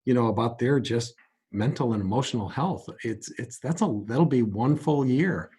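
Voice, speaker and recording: A man answering interview questions as a guest, in a measured, earnest way with some stumbles. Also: mid-range voice, darkish tone, breathy edge. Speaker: guest, music company president.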